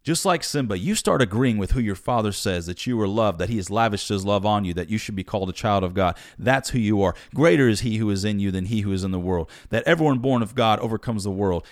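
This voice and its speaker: Guy preaching, low voice, dry close sound, chatty and emphatic. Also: quick pace, few pauses, no echo. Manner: conversational, emphatic storytelling. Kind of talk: sermon.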